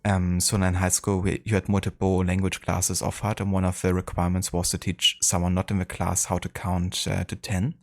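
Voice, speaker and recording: Low-voiced streamer, rambling. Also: male voice, completely flat delivery, moderate pace, few pauses, darkish tone. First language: German. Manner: rambling, full of fillers. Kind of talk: casual live-stream chat.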